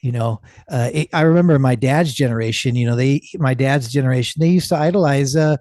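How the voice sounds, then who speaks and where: A man's voice: medium pitch, fairly quick, darkish tone, no echo, clean studio sound. A man speaking as a podcast guest in casual conversation, earnest and emphatic, stacking up phrases.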